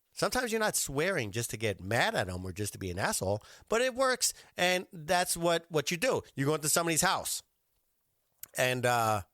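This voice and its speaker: A man's voice: on the high side, fairly bright tone, no room sound, clean studio sound. A man hosting a podcast, commenting bluntly and profanely on video clips with an authoritative manner. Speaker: podcast host.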